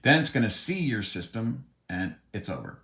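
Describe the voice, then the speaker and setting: A man's voice: fairly low pitch, very animated, normal speed, a bit bright. A man delivering a heated, blunt, profane monologue, commenting on the news. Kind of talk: opinionated monologue. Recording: roomy echo.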